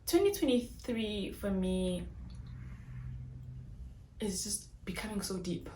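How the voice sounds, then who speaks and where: A woman's voice: mid-range voice, sing-song, slow, dark tone. A woman in her thirties, vlogging in earnest and restless fashion, often restarting her sentences as she searches for words. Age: 30s. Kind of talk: casual direct-to-camera vlog. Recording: echoey room with faint background noise.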